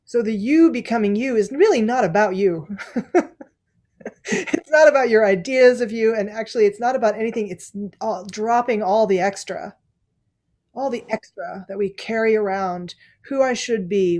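A woman's voice: mid-range voice, moderate pace, darkish tone. A woman Zen teacher giving a dharma talk, reflective and laughing often between thoughts.

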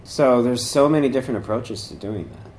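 Expressive and a little fast, this man's medium-pitched, darkish voice carries a casual dharma talk that rambles with many fillers and restarts. He acts out voices while telling his stories.

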